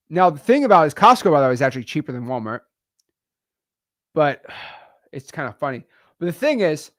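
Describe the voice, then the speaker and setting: A man's voice: fairly high pitch, no echo, clean studio sound. A man from Florida, teaching a wholesaling course in a casual joking way and peppering his talk with "okay" and "all right". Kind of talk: casual joking lesson to camera.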